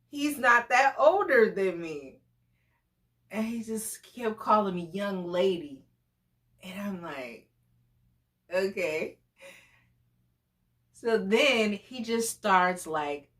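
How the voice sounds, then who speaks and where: A woman's voice: medium pitch, a bit bright. A woman in her forties telling a personal story in a chatty, conversational vlog. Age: 40s. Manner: chatty, conversational, full of fillers. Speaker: vlogger.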